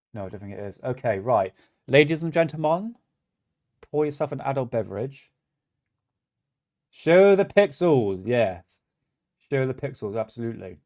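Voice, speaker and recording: A man's voice: mid-range voice, vocal fry, darkish tone, no echo, studio quality. A man hosting a casual livestream, talking bluntly and ranting, swearing freely. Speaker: livestream host.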